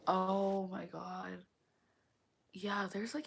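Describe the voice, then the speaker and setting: A woman reading a story aloud while sick and hoarse, coughing between lines and often dropping to a whisper. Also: mid-range voice, fairly even intonation, darkish tone, a little hiss or hum. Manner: slow, halting, often drops to a whisper. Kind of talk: casual live read-aloud with asides.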